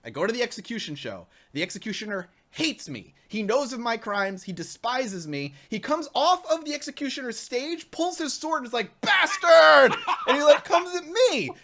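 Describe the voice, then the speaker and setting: A man co-hosting a live gaming talk show, telling a long story in casual chat and acting out the shouting characters as he goes. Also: very high voice, fairly quick, few pauses. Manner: excitable, acts out shouting characters mid-story.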